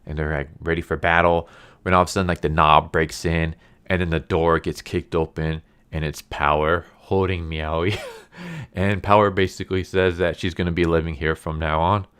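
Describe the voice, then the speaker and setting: A man with a low, smooth voice talks through an anime episode in a loose, chatty way. He rambles, says "like" constantly and sounds easily amused. The feel is an offhand video review. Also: little pitch movement, normal speed, a bit bright. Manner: chatty and rambling, heavy use of "like". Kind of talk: casual episode recap and review.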